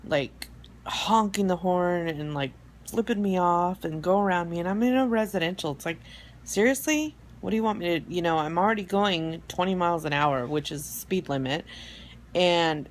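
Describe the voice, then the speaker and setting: A woman hosting an online support group on a live stream, talking in a rambling, halting way with many fillers and restarts, soft and heartfelt. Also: fairly low pitch, slight background noise. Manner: soft and heartfelt, near tears at times. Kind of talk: casual live-stream talk. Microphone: phone or webcam for a live stream.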